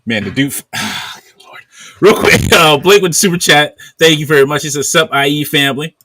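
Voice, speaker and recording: A man hosting a podcast in casual chat, animated and reading out viewer chat messages. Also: fairly high pitch, fairly quick, noisy background. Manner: animated, reads super chats aloud. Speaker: podcast host.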